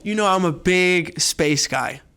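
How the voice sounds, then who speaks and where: Speaking at a measured pace in a high, clear and resonant voice, a young adult podcast host chats casually. He is a rambling storyteller who brings animation to his retellings.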